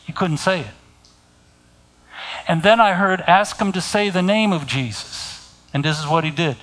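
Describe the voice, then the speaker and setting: A middle-aged man preaching a sermon, speaking deliberately and pointing his listeners to scripture. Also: on the high side, a bit bright, slight background noise, low-quality recording.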